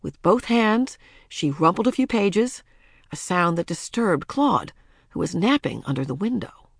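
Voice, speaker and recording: A woman narrating a children's storybook in a lively, expressive way. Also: fairly low pitch, measured pace, creaky, slightly rough, no room sound, studio quality. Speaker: audiobook narrator.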